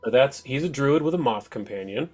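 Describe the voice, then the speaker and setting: A man's voice: mid-range voice, animated, fairly quick, over music. A man as game master of an online tabletop game, chatty and upbeat, often laughing.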